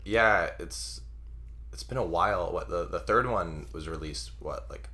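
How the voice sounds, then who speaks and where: Young male co-host, very low voice, casual and hedging. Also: a little slow, bright, forceful tone. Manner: hedging, lots of filler words. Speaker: podcast co-host. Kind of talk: casual chat.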